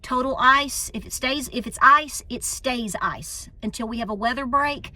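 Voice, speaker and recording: Southern woman host, East Tennessee accent, bright and a bit high, folksy chatter into a handheld phone. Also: normal speed, no room sound. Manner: folksy and chatty, calls people honey. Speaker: homestead channel host. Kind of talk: casual vlog chat. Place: inside a car, then a busy store. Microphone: handheld phone at arm's length.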